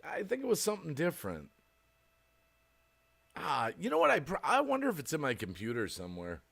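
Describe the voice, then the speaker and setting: An American man talks casually on a home livestream. He rambles and laughs often, and his pitch rises and falls in a lively way as he chats with viewers. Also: fairly quick, creaky. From United States. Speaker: livestream host. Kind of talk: casual chat reading viewer comments.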